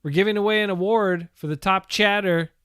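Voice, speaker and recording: A joking man with a bright, slightly high voice co-hosts a fan talk show over a video call. He teases and repeats his lines. The sound is dry and close. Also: steady tone, brisk, clean tone, no echo. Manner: joking and teasing, repeats himself. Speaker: co-host of a sports fan show.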